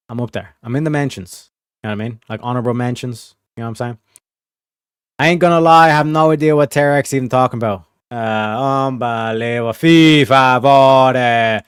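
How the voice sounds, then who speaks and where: This California man, whose rural accent leans Southern, swears and drifts around as he chats with stream viewers. The recording is dry and studio quality, and his mid-range voice sounds smooth.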